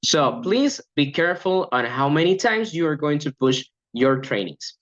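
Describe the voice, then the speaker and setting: Animated man giving a coach training. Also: a little high, moderate pace, highs cut off. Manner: animated, upbeat, acts out short classroom examples. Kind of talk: training lecture.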